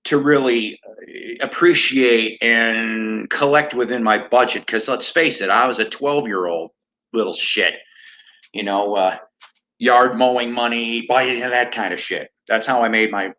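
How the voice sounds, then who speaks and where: A Chicago-area man in his fifties, a record collector, hosts a casual livestream, rambling off on tangents, mocking himself, and swearing easily. His voice is medium-pitched, pushed, and bright at a measured pace, and the audio is poor.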